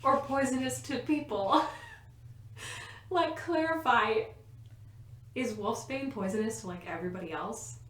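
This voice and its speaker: A woman's voice: fairly high pitch, measured pace, pauses often. A woman co-hosting a podcast in casual chat, explaining at length with lots of "like" and frequent laughs. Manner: chatty, laughs often, fills with "like". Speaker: podcast co-host, quizmaster. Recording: roomy echo.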